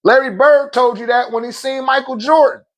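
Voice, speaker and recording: A man with a fairly high voice talks straight into his phone on a livestream. He preaches in loose, slangy bursts and laughs often as he makes his points. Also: fairly even intonation, normal speed. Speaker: livestream host. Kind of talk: casual livestream talk.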